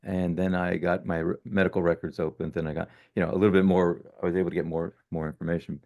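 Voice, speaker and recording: A man in his sixties, a podcast guest telling his story casually, animated and often correcting himself mid-sentence. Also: sits low, quick pace, vocal fry, phone-quality sound. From born in Italy, raised in the United States. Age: 60s.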